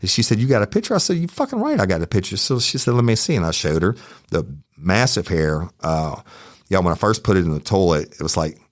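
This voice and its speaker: Deep-voiced profane Southern storyteller. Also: male voice, sing-song, fast talker, no room sound, clean studio sound. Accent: Southern US, Louisiana. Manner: profane, heated storytelling with quoted exchanges. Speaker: podcast host. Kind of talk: true crime storytelling.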